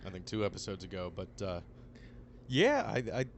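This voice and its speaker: A man's voice: deep voice, big pitch swings, normal speed, slight background noise. A young man co-hosting a casual sports podcast, easygoing and agreeable. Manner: easygoing, agreeable, laughs often. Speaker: podcast co-host.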